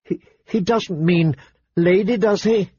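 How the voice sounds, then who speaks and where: A man voicing a distraught young girl who pleads tearfully, in a husky voice. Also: extremely high pitch, unhurried, muffled recording, voice pushed up, exaggerated voice. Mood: frightened.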